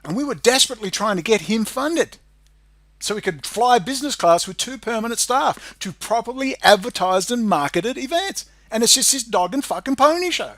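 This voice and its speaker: An Australian man giving an angry, swearing monologue. He drops into low muttering and then bursts into loud shouting. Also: expressive, normal speed, dry recording. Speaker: independent video maker.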